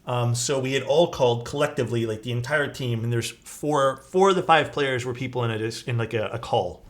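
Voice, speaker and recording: At a fairly quick clip and in a mid-range voice, the young streamer tells a loose, chatty story while working on a keyboard at his desk. It's sprinkled with "like" and swearing, and faint music plays underneath.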